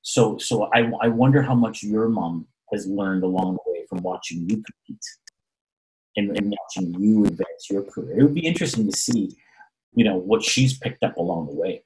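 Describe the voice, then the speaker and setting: Deep-ish male storyteller, animated, acts out other people's lines. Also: normal speed, rough recording. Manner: animated, acts out quoted voices, repeats words. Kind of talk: storytelling in casual chat.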